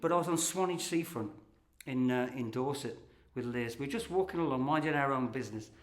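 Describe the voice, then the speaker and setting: A man's voice: mid-range voice, brisk. An older man from England with a Midlands accent, telling a chatty story and then reciting a rhyming comic poem to a live audience. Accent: English Midlands. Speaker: poet performer. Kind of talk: comic poetry performance. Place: small hall before a live audience. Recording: roomy hall sound.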